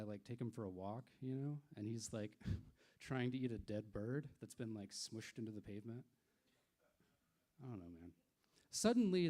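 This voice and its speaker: A man's voice: mid-range voice, a little mellow. A man finishing a stand-up bit in a rambling, laid-back way. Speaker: stand-up comedian. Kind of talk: stand-up comedy set.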